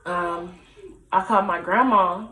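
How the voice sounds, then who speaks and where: A woman's voice: on the low side, steady tone, measured pace, bright, forceful tone. A young woman telling a personal story to her camera in a casual, chatty way, full of fillers and acted-out dialogue. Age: young adult. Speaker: vlogger. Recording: echoey room.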